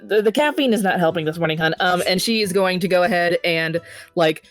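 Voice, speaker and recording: A woman's voice: fairly low pitch, fairly quick, dry recording, faint music behind. Rambling woman playing a tabletop game. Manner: rambling, full of fillers and laughs. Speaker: player. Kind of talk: casual tabletop role-play narration.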